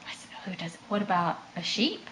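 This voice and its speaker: A woman's voice: lowish voice, expressive, a little fast, fairly bright tone, roomy sound, slight background noise, low-quality recording. A mother patiently coaxing her toddler in a home video, with sing-song prompts.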